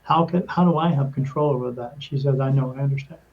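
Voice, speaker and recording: A man, a podcast guest, telling a story in casual conversation, animated, acting out quoted dialogue and often restarting his sentences. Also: mid-range voice, quick pace, phone-quality sound.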